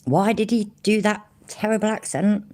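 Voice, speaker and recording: A woman's voice: medium pitch, normal speed, mellow. A woman in her forties, chatting bluntly and swearing as she reacts to clips. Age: 40s. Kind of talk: casual reaction chat.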